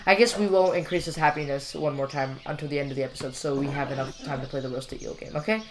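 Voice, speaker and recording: A man's voice: fairly high pitch, steady tone, quick pace, crowd noise. Chatty young man rambling over gameplay. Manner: chatty, rambling and jokey, with frequent fillers. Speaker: gameplay commentator. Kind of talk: casual gameplay commentary.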